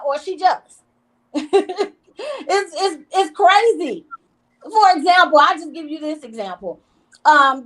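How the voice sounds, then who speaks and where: A woman, a reality TV guest telling animated stories in a casual interview, with emphatic repetition. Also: high voice, rough recording.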